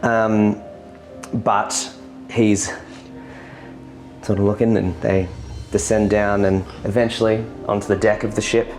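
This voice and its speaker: A man's voice: on the low side, level tone, measured pace, a little mellow, soft background music. A man narrating as game master of a tabletop role-play, loose and rambling, with plenty of ums.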